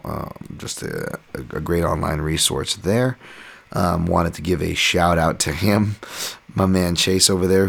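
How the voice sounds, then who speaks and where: A man's voice: a bass voice, gravelly. A man hosting a podcast in a casual, rambling monologue that wanders off on tangents. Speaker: podcast host.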